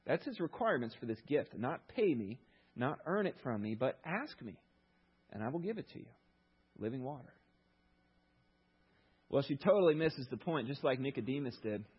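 Husky-voiced preacher telling a story. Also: male voice, mid-range voice, normal speed, pauses often, muffled recording. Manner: storytelling, animated retelling with rhetorical questions. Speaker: pastor. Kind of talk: sermon.

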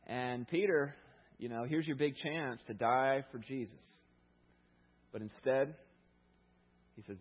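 A man preaches in a relaxed, conversational way and tells the story with energy. His voice is husky and mid-pitched. The recording is dull and lo-fi. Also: slow, long pauses. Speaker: pastor. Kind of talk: sermon.

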